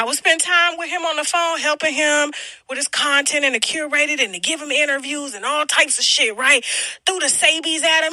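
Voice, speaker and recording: Very high-pitched, blunt, brash woman. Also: bright, forceful tone, dry recording. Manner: blunt, brash and heavily profane, acting out others' lines. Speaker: celebrity gossip blogger and channel host. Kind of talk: casual profane rant to camera.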